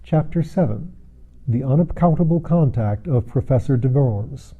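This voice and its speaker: A man reading a novel aloud as a narrator, measured and steady, acting out the dialogue. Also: mid-range voice, slightly rough, narrow, tinny audio. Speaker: audiobook narrator. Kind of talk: scripted narration.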